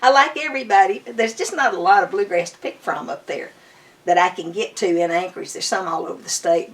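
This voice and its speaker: A woman's voice: medium pitch, distant mic. An older woman, a bluegrass musician telling stories in an enthusiastic, chatty way during a home interview. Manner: enthusiastic, chatty, fond storytelling. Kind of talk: casual storytelling interview. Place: her home.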